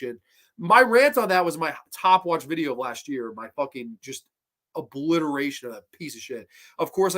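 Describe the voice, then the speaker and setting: A man's voice: fairly high pitch, fairly bright tone. A man hosting a horror movie show, ranting heatedly and profanely in a casual livestream and breaking into laughter as he reads viewer comments.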